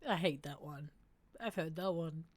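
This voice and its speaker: Speaking in a low voice at normal speed, a female streamer reads statements out loud and responds with candid, emotional reactions during a laid-back, reflective chat.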